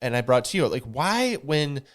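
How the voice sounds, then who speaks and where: A man speaking on a podcast in an earnest, preachy way. His voice sits at an average pitch for a man, and he often turns straight to his listeners with a "y'all.". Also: very animated, moderate pace. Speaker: podcast co-host. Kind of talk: candid podcast conversation.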